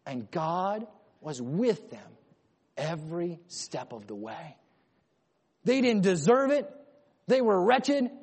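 A man preaching a sermon with emphatic delivery, swinging between loud urgent lines and quiet low ones. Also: big pitch swings, takes it slowly, pauses often, slightly rough. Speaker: pastor. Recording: long hall reverb.

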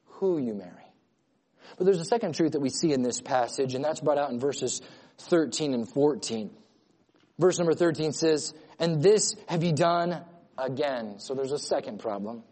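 A man's voice: a little high, darkish tone. A man preaching a sermon with earnest emphasis, reading scripture aloud and then explaining it to his congregation. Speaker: pastor.

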